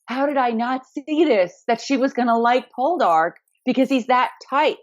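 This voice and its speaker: A woman's voice: high voice, normal speed, dull audio. A woman co-hosting a podcast, telling stories in a chatty, teasing way. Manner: chatty, teasing, giggly storyteller. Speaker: podcast co-host. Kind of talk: casual chat.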